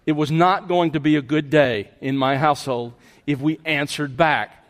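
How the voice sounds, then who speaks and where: Emphatic preacher in a reverberant hall. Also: male voice, a little high, moderate pace. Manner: emphatic, rising on key words, repeats phrases for stress. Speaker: pastor. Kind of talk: expository sermon.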